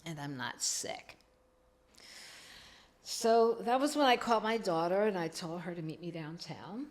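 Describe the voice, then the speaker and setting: A woman's voice: lowish voice, expressive, a little slow. A middle-aged woman, telling her own recovery story as a podcast guest, acting out the dialogue she quotes.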